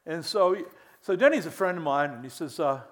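A man's voice: a little high, expressive, a little fast. An older man, a pastor preaching a sermon to church leaders with many restarts and mock exclamations.

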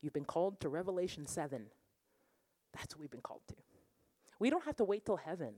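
A woman worship pastor preaching a lively sermon, laughing and breaking into song now and then. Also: fairly low pitch, brisk, dry recording. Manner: animated preaching, bursts of laughter, sings lines. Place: church or conference room.

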